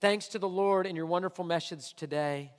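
High-voiced male pastor preaching in a hall. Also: brisk, clear, resonant tone. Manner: emphatic preaching that swings from quiet to shouting. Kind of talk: sermon.

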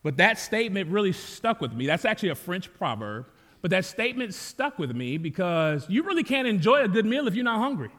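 A man's voice: high-pitched, very animated, brisk, fairly bright tone, big-room sound. An American man, a campus pastor, preaching a sermon with easy storytelling that climbs into fervent calls to the congregation. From United States. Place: church sanctuary.

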